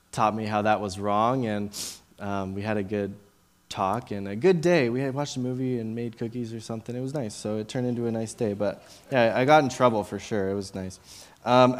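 A young man in his late twenties talks through a Bible passage in a relaxed, chatty way. He fills the gaps with ums and likes and restarts his sentences as he goes. His pitch sits right in the middle for a man. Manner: casual, many fillers and restarts. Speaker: Bible teacher. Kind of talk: informal Bible teaching with a personal story.

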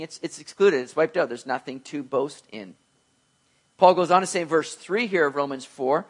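A man preaching a sermon in an animated way, often repeating words and acting out imagined voices. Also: high-pitched.

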